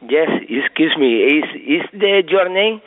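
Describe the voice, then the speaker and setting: A man answering as a receptionist, halting and struggling with English. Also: fairly high pitch, lively intonation, dry recording. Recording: dry phone-like line.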